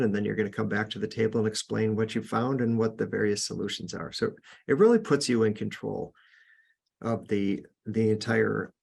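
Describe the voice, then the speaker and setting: A man's voice: on the low side, gravelly, slightly rough. A man hosting a podcast, giving earnest, casual sales coaching with frequent restarts. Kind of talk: casual instructional talk.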